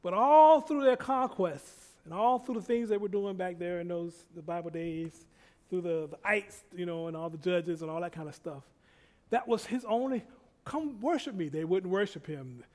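High-voiced male preacher. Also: animated, moderate pace. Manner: repetitive, rising and falling in loudness. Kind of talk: sermon.

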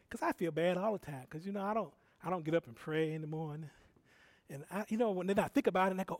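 A man delivers a sermon in a high voice, drifting between quiet, wandering asides and loud exhortations to the congregation. He corrects himself often and talks like he is chatting with them. The sound is close and dry. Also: lively intonation, fast talker, no echo. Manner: conversational and rambling, with self-corrections and laughs. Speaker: preacher.

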